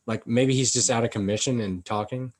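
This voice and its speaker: A young man co-hosting a casual review chat, reacting quickly and playfully. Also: medium pitch, fairly even intonation. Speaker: manga review co-host.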